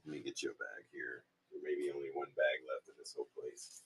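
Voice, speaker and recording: A man who owns a toy store, chatting casually through a live-stream auction, rambling with quick apologetic asides. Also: a bass voice, level tone, a bit bright, slightly rough, dry recording. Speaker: toy store owner running online auctions. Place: indoor shop room.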